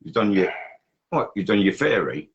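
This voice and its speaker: A man's voice: on the low side, very animated, moderate pace, slightly rough, dull audio. A middle-aged man in casual chat, blunt and sarcastic with plenty of swearing. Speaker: guest.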